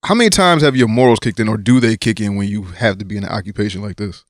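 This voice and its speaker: Low-voiced laid-back podcast host. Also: male voice, fast, dry recording, studio quality. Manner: laid-back, frequent murmured agreement. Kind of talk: casual interview chat.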